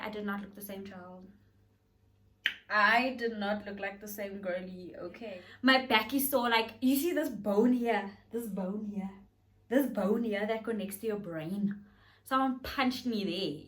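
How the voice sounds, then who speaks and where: A young beauty vlogger tells a chatty, dramatic storytime at a medium pitch and normal speed, acting out quotes as she goes. Her voice sits a bit far from the mic.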